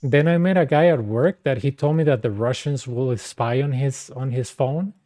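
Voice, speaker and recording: Mellow-voiced man telling rambling stories. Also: mid-range voice, normal speed, no echo. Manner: rambling storyteller, heavy slang and fillers. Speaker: streamer. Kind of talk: casual chat while gaming.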